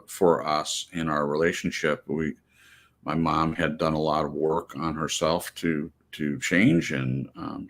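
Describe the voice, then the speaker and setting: A man sharing a personal memory in a casual, halting way, with many fillers and restarts. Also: a bass voice, fairly bright tone.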